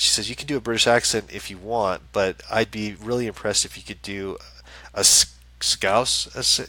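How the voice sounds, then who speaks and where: A man's voice: lowish voice, a bit bright, no echo, rough recording. A man hosting a live-stream as a psychic medium, chatting casually and reassuringly, with many fillers and restarts. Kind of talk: casual live-stream chat, reading viewer questions.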